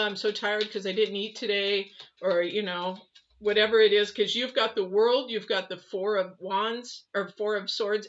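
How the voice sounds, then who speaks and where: Chatty woman with a bright, dull-sounding voice. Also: lowish voice. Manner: chatty, rambling, many fillers and restarts. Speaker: tarot reader. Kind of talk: live tarot reading, casual chat.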